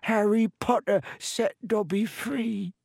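A man voicing a small, excitable, devoted male house-elf with a shrill manner, in an audiobook reading. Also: takes it slowly, vocal fry, slightly rough, dry recording, studio quality, heavily acted. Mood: earnest. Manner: shrill and fierce. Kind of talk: audiobook character voice.

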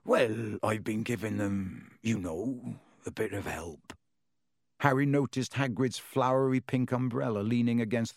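A man narrating a storybook in an even, measured reading. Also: mid-range voice, dry recording, studio quality. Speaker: audiobook narrator.

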